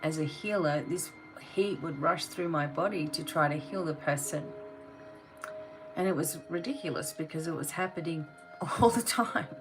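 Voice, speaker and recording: A woman's voice: low-pitched, normal speed, music in the background, low-quality recording. A woman giving a tarot reading, talking straight to the viewer in a blunt, motivating way. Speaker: tarot reader.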